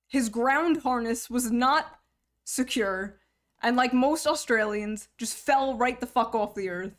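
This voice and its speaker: A young woman with a fairly high voice hosts a livestream in loose, casual chat. She jokes crudely and swears freely as she talks to her chat and reads donations. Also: takes it slowly. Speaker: livestream host.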